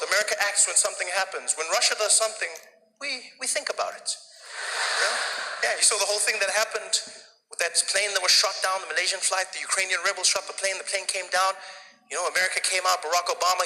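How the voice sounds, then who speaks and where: A man doing a stand-up comedy set on a theater stage through a handheld mic, telling stories in a lively way with many accent impressions. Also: sits high, fast talker, slight background noise. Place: theater stage before an audience. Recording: live stage hall with faint ambience.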